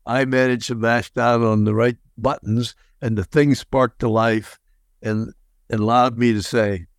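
An older man, a guest on an interview show, telling his story in a lively way with dry humor. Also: medium pitch, a little slow, no room sound. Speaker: guest, former prisoner of war and motivational speaker.

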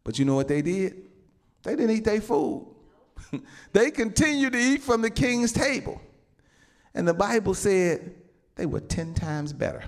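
Animated, high-pitched male pastor preaching. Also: measured pace, pauses often. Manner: animated preaching, peppered with amens and addresses to the saints. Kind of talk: sermon. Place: church building with a congregation.

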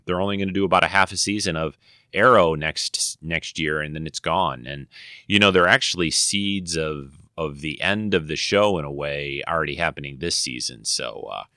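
A man's voice: low-pitched, sharp tone, no room sound, studio quality. A man hosting his own podcast, chatting casually and rambling with many fillers and self-corrections. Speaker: podcast host. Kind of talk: casual chat.

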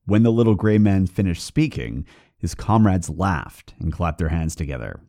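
A man hosting a podcast, reading a folk tale aloud with expressive storytelling. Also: sits low, normal speed, dry recording.

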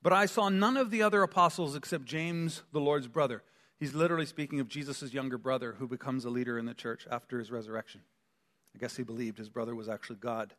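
Male pastor, fairly high voice, chatty sermon with jokes, long hall echo. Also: fairly quick, a bit bright. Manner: conversational, joking asides. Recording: long church hall reverb.

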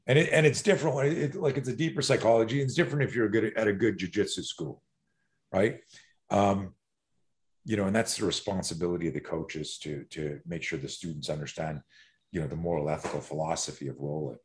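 A man with a fairly low voice talks like the fight coach he is, in a loose, conversational flow. He tells stories with energy, drops the odd curse word and often starts his sentences over. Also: fairly quick. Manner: animated storyteller, swears, frequent restarts. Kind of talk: casual podcast conversation.

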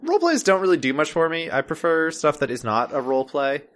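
A man co-hosting a podcast in casual chat, hesitant with many fillers and restarts, with a dry, deadpan humor. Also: on the high side, fast. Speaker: podcast co-host.

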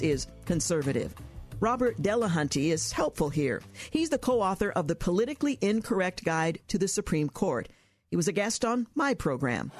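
A woman hosting a radio talk show, introducing a topic and a guest in a clear, composed presenter delivery. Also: mid-range voice. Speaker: radio host.

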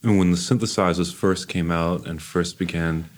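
A man's voice: deep voice, steady tone, moderate pace. A man interviewing a musician, thinking aloud, repeating words and building toward a question. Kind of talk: conversational interview.

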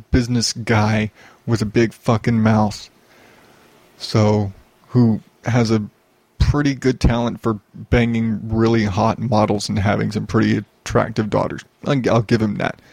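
A young male podcast host talks alone into a close mic, his voice gravelly with fry. He rants and rambles, swears freely and often restarts his sentences. The sound is dry, with no room in it. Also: lowish voice, darkish tone, dry recording. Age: young adult. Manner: profane, ranting, rambling with restarts. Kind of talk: solo podcast rant.

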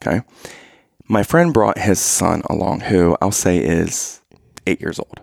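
A man with a low, gravelly voice tells dad jokes in casual, playful fashion. He laughs at his own punchlines, and his voice swings widely up and down. The sound is close and dry. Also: animated, unhurried, darkish tone, no echo. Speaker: joke-telling husband. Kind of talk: casual dad-joke storytelling.

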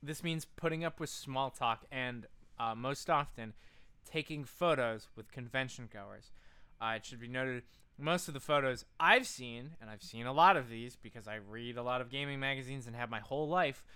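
A man's voice: medium pitch, moderate pace, bright, forceful tone, smooth. A man co-hosting a comedy podcast, reading facts from notes and breaking into laughter. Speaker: podcast co-host.

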